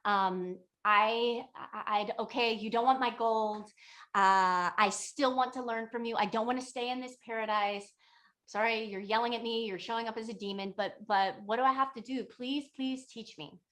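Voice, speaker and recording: A woman's voice: a little high, steady tone, moderate pace, a bit bright, close to an everyday voice. A woman voicing an eager male spiritual seeker who pleads and stumbles over his words. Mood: pleading.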